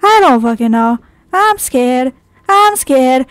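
Her voice is high-pitched and expressive, a little slow, captured in a dry recording. She's a game streamer doing horror let's play commentary, jumpy and constantly profane as she talks to herself.

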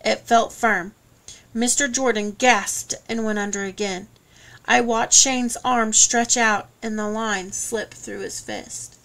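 Woman narrating an audiobook, higher voice. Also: steady tone, slow, a bit bright. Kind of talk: scripted first-person narration.

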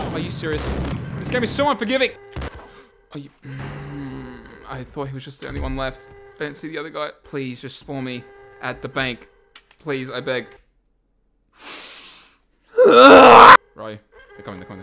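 A young man giving loud, exaggerated let's play commentary, swearing and laughing as he plays. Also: mid-range voice, very animated, fairly quick, gravelly, pauses often, over music. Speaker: gamer playing a game.

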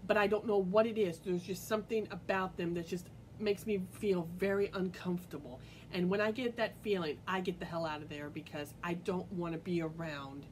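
A woman's voice: on the low side, slight background noise, low-quality recording. Rambling woman telling a personal story. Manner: rambling, filler-heavy, earnest. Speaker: vlogger. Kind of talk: casual personal storytelling to camera.

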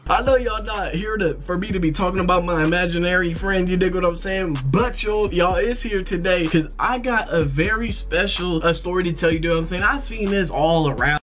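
A man's voice: high voice, fairly quick, hardly any pauses, fairly bright tone, faint music behind. Goofy, rambling male vlogger. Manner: goofy, rambling, repeats "you know what I'm saying". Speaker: YouTuber. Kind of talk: casual storytime vlog.

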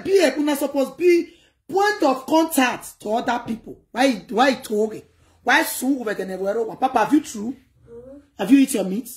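A high-pitched woman with a Nigerian Pidgin accent talks casually to her livestream viewers. She is animated and lively, and she calls out to her audience as she speaks. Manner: animated, switching between pidgin and local language, addressing viewers. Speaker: livestream host.

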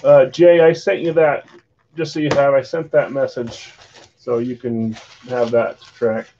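A man's voice: medium pitch, steady tone, unhurried, mellow, a little hiss or hum. A man hosting a live card break stream, chatting casually while calling out bids and sales. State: yawning, tired. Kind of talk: live-stream auction chat. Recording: slightly dull lo-fi stream audio.

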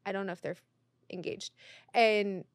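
A woman's voice: medium pitch, normal speed, no room sound. A woman, a podcast guest, telling stories in casual chat and acting out what people said. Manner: animated, acts out quoted voices.

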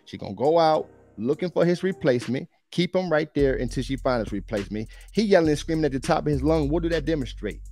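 A man's voice: a little high, expressive, fast, hardly any pauses, dark tone, faint music behind. A man hosting a podcast, reacting to clips in a blunt, preachy way. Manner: blunt, preachy, repeats and quotes. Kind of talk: reaction commentary.

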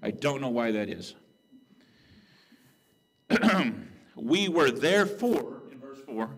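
A man preaches from the pulpit in an earnest, conversational manner, checking in with his listeners as he goes. His delivery moves between hushed, reflective stretches and raised, emphatic peaks. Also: medium pitch, sing-song, takes it slowly, long pauses, husky. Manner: earnest, conversational preaching with "right?" and "okay?" asides. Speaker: pastor. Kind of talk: sermon.

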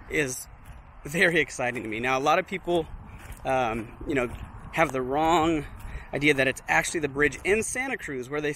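A man filming a casual walking vlog outdoors, chatty and excited, talking straight to his viewers and a little out of breath in the heat. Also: on the high side, slight background noise. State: slightly out of breath. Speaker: vlogger visiting a film location. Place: outdoors by a steel bridge in hot dry hills.

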